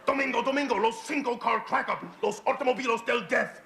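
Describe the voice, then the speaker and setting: A gravelly hard-sell radio announcer. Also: male voice, very high voice, fairly even intonation, fast talker, bright, forceful tone, slight background noise, exaggerated voice. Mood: hyped. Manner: hard-sell chanting, rolled repetition. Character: fast-hyped male radio ad announcer, mock Spanish. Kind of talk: sketch comedy radio ad.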